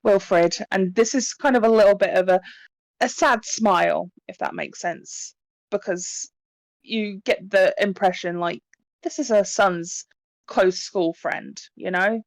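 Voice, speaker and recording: A woman running a tabletop horror game as game master, narrating in a relaxed way full of fillers. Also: mid-range voice, unhurried, creaky, dry recording, rough recording.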